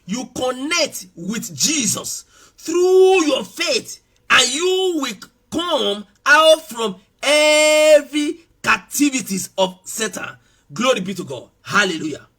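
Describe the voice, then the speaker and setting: A pastor preaching a sermon with passion, repeating his phrases and breaking into shouts for emphasis. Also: very high-pitched, husky.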